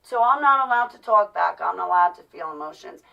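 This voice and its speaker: A middle-aged woman giving an agitated personal monologue, swinging between loud outbursts and low, quiet stretches. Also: lively intonation, fairly quick, gravelly, far from the mic, dull audio. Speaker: vlogger.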